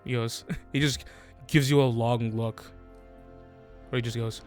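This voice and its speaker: A man's voice: mid-range voice, steady tone, measured pace, a little mellow, faint music behind. A man narrating as game master, laughing often and hesitating loosely.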